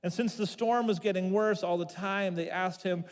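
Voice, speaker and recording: A man pastor preaching a sermon, telling the story in an animated way and repeating words as he builds. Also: high voice, normal speed. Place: church sanctuary. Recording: long reverb of a church hall.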